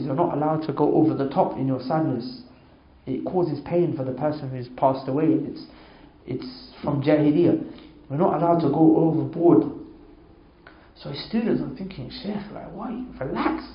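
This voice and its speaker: A man giving an informal religious talk, storytelling emphatically and repeating oaths for stress. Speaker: Islamic speaker. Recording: echoey, dull low-fi sound.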